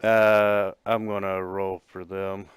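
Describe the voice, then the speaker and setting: A man runs a tabletop adventure as game master, drawing his narration out very slowly with pauses and fillers. His voice is clear and smooth, recorded dry and close. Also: low voice, level tone, dry recording. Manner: slow, halting narration with fillers.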